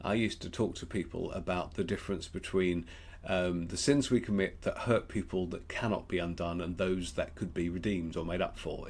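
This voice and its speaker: A man with an Australian accent giving a gentle, reflective Lenten devotional, pausing often with ums. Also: deep voice, slight background noise. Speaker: preacher.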